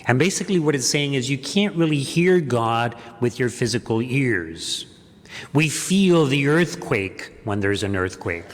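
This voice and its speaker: A man's voice: medium pitch, expressive, measured pace. A man preaching a homily at Mass as pastor, earnest, with emphatic repeated phrases. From Canada. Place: church. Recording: echoey church with long reverb.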